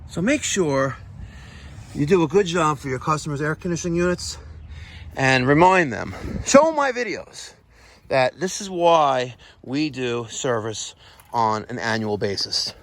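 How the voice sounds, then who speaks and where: Brief: New contractor, excited on-site vlog, slightly high voice. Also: male voice, a little slow. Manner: excitable, exclaiming and laughing. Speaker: plumbing and HVAC contractor. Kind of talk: on-the-job vlog. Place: outdoors at a house.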